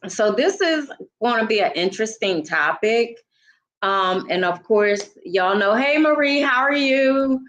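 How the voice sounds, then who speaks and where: An older woman hosting a casual livestream, greeting viewers by name in a chatty way, her voice a little froggy and hoarse. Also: medium pitch. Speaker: livestream host. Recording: dull lo-fi livestream audio.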